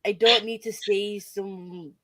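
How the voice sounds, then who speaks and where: A woman's voice: mid-range voice, takes it slowly, background noise. A woman hosting a casual group chat, telling stories with lots of laughter and swearing. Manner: laughing, swearing, animated storytelling. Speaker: host.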